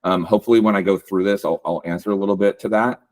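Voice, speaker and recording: A man giving a casual webinar talk on real estate branding, relaxed and loose with lots of ums and likes. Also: deep voice, fast. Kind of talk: webinar presentation.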